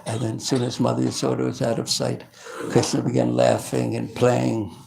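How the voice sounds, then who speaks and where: A male preacher telling devotional stories in a lively sermon, often stopping and restarting his sentences. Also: medium pitch, moderate pace, gravelly, noisy background. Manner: animated, with frequent restarts.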